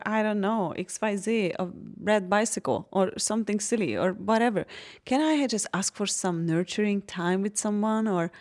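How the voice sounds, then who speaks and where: A woman from Hungary, telling personal stories in a casual podcast chat, animated and laughing often. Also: medium pitch. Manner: animated storytelling, laughs often, frank and expressive.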